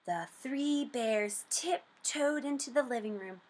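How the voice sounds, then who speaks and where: A woman reading a storybook aloud for children, slow, expressive and sing-song, then asking comprehension questions. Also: fairly high pitch.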